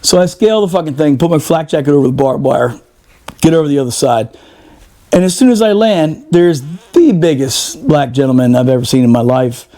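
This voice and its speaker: A man, a former Marine, telling a profane, animated story on a podcast and laughing often. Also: fairly high pitch, fairly quick. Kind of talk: casual storytelling.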